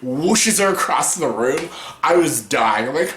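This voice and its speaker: A man's voice: on the high side, lively intonation, slow, bright, forceful tone. A young man ranting in a casual film review, exasperated and mocking, cursing often and breaking into laughter. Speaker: YouTuber reviewing films. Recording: echoey room.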